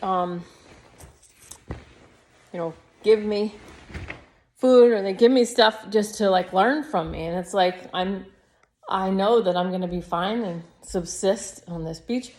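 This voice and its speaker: A woman's voice: mid-range voice, takes it slowly, pauses often, darkish tone. Rambling woman in her fifties. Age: 50s. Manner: rambling and reflective. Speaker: yoga teacher. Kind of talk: personal video diary.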